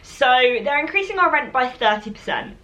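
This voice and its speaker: A woman's voice: high-pitched, expressive, a little fast, bright, forceful tone, poor audio. A young woman in her twenties, chatting casually and giggling on a sit-down vlog. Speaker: vlogger. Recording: faint background noise.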